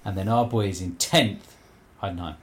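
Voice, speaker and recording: A man's voice: deep voice, a little hiss or hum. Man rattling off football scores. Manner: reads out results in a halting list, stumbles over names. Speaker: podcast co-host. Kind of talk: casual football chat.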